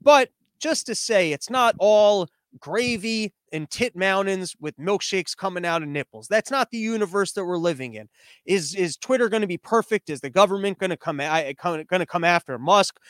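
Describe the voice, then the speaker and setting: High-voiced rambling sarcastic male podcaster. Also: dry recording. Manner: rambling, sarcastic, riffing with restarts. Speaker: podcast host. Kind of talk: casual comedic commentary. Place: home living room studio.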